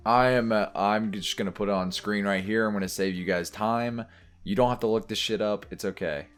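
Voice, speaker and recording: A young man with a lowish voice, cracking jokes and laughing easily in a casual podcast. Faint music plays underneath the talk. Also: steady tone, a little fast, smooth. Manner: laughs often, chimes in with jokes. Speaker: podcast co-host. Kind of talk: casual chat.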